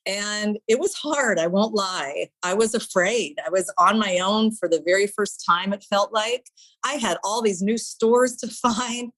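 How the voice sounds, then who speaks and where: A woman's voice: fairly low pitch, a bit bright, rough recording. A middle-aged woman, a guest in an interview, telling her story in an earnest, heartfelt way.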